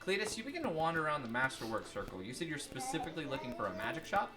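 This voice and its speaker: Guy running a tabletop game, lively up and down voice, music in the back. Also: mid-range voice, rapid-fire. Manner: lively, voices non-player characters. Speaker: game master.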